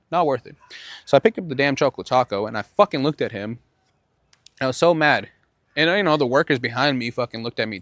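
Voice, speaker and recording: A man's voice: medium pitch, fairly bright tone, no echo, studio quality. A man hosting his own podcast, telling a rambling, profane story in a casual monologue. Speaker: podcast host.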